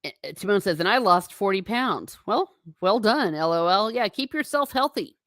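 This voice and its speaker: A woman hosts a live stream from home, chatting casually and reading viewers' comments aloud while laughing often. Her voice is mid-range, expressive, and a bit bright, at normal speed, with clean studio sound and no room sound.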